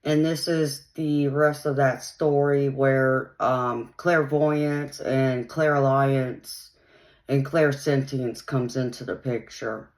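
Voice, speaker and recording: A woman's voice: a bass voice, fairly even intonation, takes it slowly, darkish tone. A woman hosting her own channel, casually telling a personal story in a rambling way, filled with "um" and "you know". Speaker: channel host.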